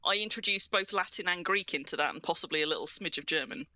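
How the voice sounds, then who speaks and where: A woman's voice: lowish voice, fast talker, bright, forceful tone, slight background noise. A woman with a southern English accent, chatting casually and rambling with self-mocking humour while streaming a game. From southern England. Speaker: streamer, co-host. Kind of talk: casual gaming chat.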